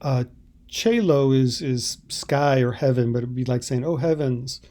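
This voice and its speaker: A man teaching Italian, explaining subtitle translations in a halting, thoughtful way. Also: mid-range voice, darkish tone.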